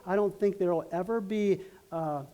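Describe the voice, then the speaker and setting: A man's voice: high-pitched, mellow. Earnest middle-aged male pastor preaching. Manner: earnest, halting storytelling with many restarts. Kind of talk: sermon.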